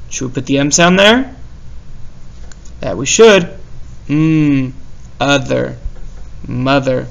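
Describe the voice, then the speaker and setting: A male teacher giving an online spelling lesson, slowly sounding out words and teasing himself in a playful way. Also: medium pitch, creaky, lo-fi sound.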